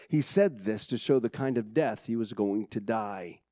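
A man preaching a sermon to his church, dramatic and swinging from loud excitement to hushed intensity, with conversational asides to the congregation. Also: fairly low pitch, moderate pace, few pauses, no echo, clean studio sound. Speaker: pastor.

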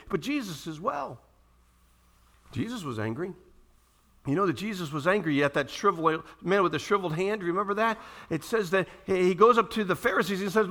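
Male pastor, high voice, bright tone, animated sermon delivery, questions to the congregation. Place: church room.

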